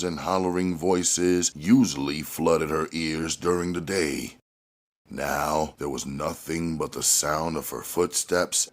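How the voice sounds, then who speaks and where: A man narrating an action novel aloud in a measured way that climbs on dramatic moments. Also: low voice. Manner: measured, rising on action beats. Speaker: audiobook reader.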